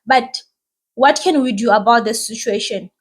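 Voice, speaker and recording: A woman's voice: a little high, moderate pace, husky. A woman who hosts a podcast and talks as a mother, giving casual, reassuring advice and often asking "right?".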